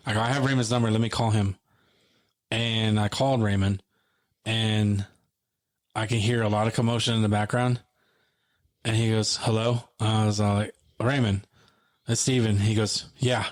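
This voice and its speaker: A man's voice: on the low side, little pitch movement, moderate pace, pauses often. A man co-hosting a podcast, retelling an emotional story and acting out the phone calls in quoted dialogue. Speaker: podcast co-host. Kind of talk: emotional storytelling in casual conversation.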